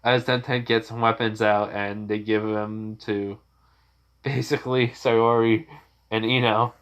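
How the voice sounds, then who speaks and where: A man's voice: fairly low pitch, flat delivery, measured pace, smooth, muffled recording. A man casually narrating a fan-made story, rambling with loose restarts. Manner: rambling, many fillers and restarts.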